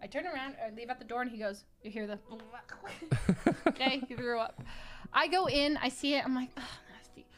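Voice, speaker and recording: A woman's voice: high-pitched, fast, fairly bright tone. A woman telling a funny story in casual chat, laughing and acting out quoted voices.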